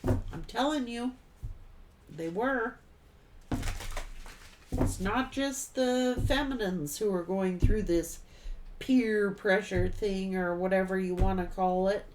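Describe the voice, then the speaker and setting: Slow, blunt middle-aged woman tarot reader. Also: mid-range voice, darkish tone, slight background noise. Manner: blunt, folksy, swears freely, laughs often. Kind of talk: casual tarot reading monologue.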